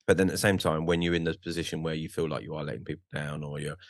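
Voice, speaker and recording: A man's voice: extremely low pitch, level tone, racing, dry recording, clean studio sound. A man talking as a podcast guest in a casual chat, hesitant, with many restarts and frequent swearing.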